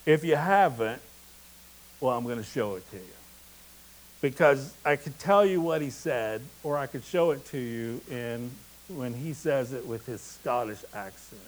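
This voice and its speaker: A man's voice: mid-range voice, lively intonation, unhurried, low-quality recording. A man preaching a sermon in an earnest, emphatic way, with a touch of humor. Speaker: pastor.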